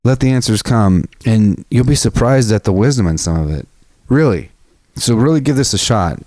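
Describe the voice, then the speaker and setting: A man's voice: lowish voice, lively intonation, normal speed, a little mellow, no room sound. A man hosting a solo podcast, talking casually and frankly, swearing freely and restarting his sentences often. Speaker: podcast host.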